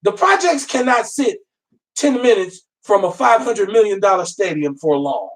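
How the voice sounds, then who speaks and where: A man with a high voice talks in an animated, preachy way. He sits some distance from the microphone, so his voice sounds a bit removed. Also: moderate pace. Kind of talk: casual discussion.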